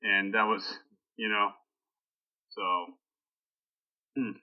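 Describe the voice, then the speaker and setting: A man's voice: on the low side, level tone, very slow. A man hosting a casual podcast, rambling and joking loosely before laying out the week's topic, heard over a tinny phone-like line. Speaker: podcast host. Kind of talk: casual chat.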